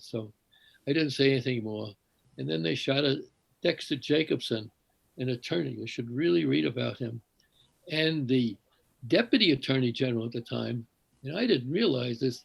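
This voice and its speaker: An older man speaks in a deeply gravelly, crackling voice at a middling pitch. He meanders through a personal story on a video call, stopping and restarting often with many fillers. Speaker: congregation member sharing.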